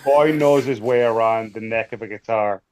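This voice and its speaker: A man's voice: mid-range voice, normal speed, a little mellow. A man co-hosting a podcast, swearing freely and talking emphatically. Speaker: podcast co-host. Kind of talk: casual chat.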